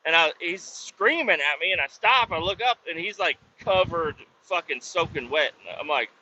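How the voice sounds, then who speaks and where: A man's voice: a little high, expressive, normal speed, hardly any pauses, pushed and bright, highs cut off, a little hiss or hum. A man hosting a podcast, telling a work story in a rambling, foul-mouthed way and often doubting himself as he goes. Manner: rambling, heavy swearing, self-doubting asides. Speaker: podcast host; industrial cleaning worker. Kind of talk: casual profane storytelling.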